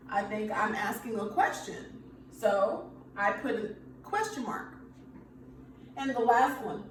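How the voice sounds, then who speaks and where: Woman teacher, higher voice, patient and repetitive, very echoey room, some distance from the mic. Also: animated, a little slow, long pauses, a little hiss or hum. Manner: patient, repeats okay after each point. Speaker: elementary school teacher. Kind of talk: recorded remote grammar lesson.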